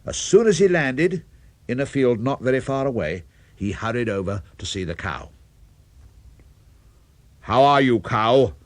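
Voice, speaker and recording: A man's voice: medium pitch, animated, normal speed, no echo. An older man telling a children's story, playful and speaking directly to young listeners.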